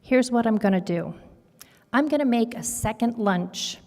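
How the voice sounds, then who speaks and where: A woman voicing a kind mother who speaks softly and gently. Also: fairly high pitch, animated, in a large hall, close to an everyday voice. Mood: gentle. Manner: soft, gentle, slow.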